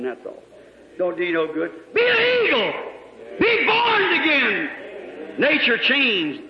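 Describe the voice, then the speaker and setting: High-voiced preacher in an echoing hall. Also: male voice. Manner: storytelling preacher, swings from soft to shouting. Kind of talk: sermon. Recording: echoey hall, muffled old recording.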